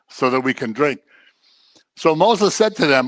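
Teaching a casual Bible class at a measured pace, the man speaks in a higher-leaning voice on a dry recording. He's lively, voicing the quotes he reads and joking with the people in the class.

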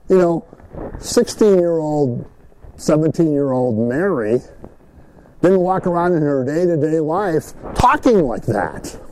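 A man with a fairly high voice teaches the Bible to a group in a conversational, animated sermon, often checking in with "right?" and acting out the people he quotes. The audio is poor, with a little hiss or hum.

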